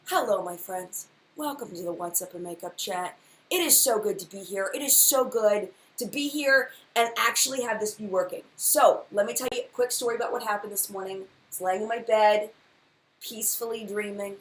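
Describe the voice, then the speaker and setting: A woman's voice: mid-range voice, a little fast. A young adult woman hosting a casual live-stream chat as a beauty YouTuber, talking in a flustered, chatty and apologetic way. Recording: echoey room with faint background hiss.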